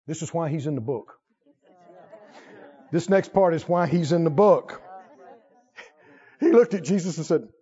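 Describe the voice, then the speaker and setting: A man preaching a sermon in call-and-response style, repeating lines and swinging from hushed to loud. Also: on the high side, moderate pace, pauses often, husky. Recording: dull lo-fi recording.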